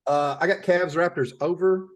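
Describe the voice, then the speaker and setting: A man's voice: sits high, steady tone, moderate pace. A man co-hosting a podcast, casually going over his bets and teasing the others. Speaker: podcast co-host. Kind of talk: casual sports betting chat.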